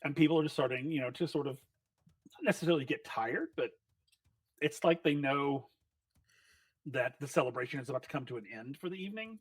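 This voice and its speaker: A man narrating as game master of a tabletop game, chatty and animated, with many fillers. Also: fairly high pitch, fairly quick, pauses often, no room sound.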